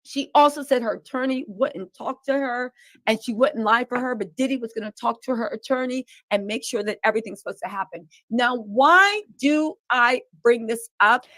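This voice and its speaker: A woman's voice: fairly high pitch, moderate pace, bright, forceful tone, dry recording. A woman co-hosting a casual commentary show, reading quotes from a book aloud with emphatic bursts.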